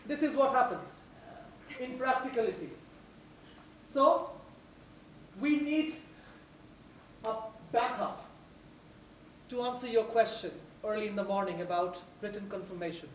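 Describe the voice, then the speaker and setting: A woman trainer with a fairly high voice teaches a class slowly, with long pauses, sounding animated and emphatic as she leans hard on single words and repeats phrases for stress. Picked up by a distant room microphone in a very echoey space, her voice comes through dull and muffled, with a little hiss or hum.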